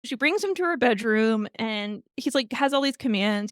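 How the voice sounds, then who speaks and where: Woman co-host, casual chat, fairly high voice, lively retelling, dry studio sound. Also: moderate pace, smooth, no room sound. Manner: animated storytelling, retelling a tale with quoted lines and laughs. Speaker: podcast co-host.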